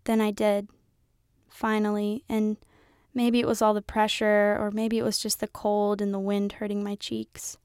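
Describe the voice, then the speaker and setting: A woman narrating a first-person novel in a conversational, wry, measured way. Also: medium pitch, monotone, a little mellow, clear, resonant tone, no room sound, clean studio sound. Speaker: audiobook narrator.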